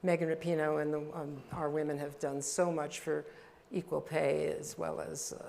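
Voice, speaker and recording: A woman's voice: low voice, level tone, moderate pace, vocal fry, darkish tone, a little hiss or hum. An older woman interviewing a guest on stage, asking questions in a chatty, conversational way. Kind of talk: panel interview.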